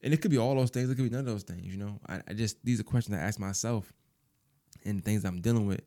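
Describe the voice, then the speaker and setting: A man in his thirties talking through his thoughts in a personal monologue, soft-spoken and halting, often repeating words and filling with "you know". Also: fairly low pitch.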